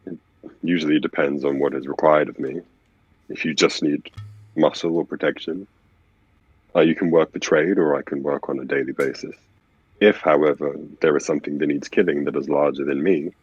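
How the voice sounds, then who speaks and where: A very deep-voiced man with a husky edge plays a mercenary in a tabletop game. He speaks in a measured, formal way. His voice sounds dry and dull, like a lo-fi mic. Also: a little mellow, no room sound. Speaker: player. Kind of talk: in-character role-play.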